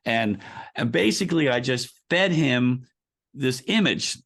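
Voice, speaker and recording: A man's voice: medium pitch, animated, unhurried, creaky, fairly bright tone. A man speaking as an author and coach in a conversational interview, explaining ideas through a long personal anecdote with frequent restarts.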